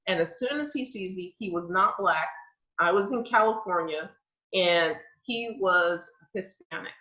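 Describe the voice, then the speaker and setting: A woman's voice: on the low side, a little slow, pushed and bright. A woman in her forties sharing a personal story in earnest, reflective tones during a group discussion. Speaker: panelist. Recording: dull lo-fi audio.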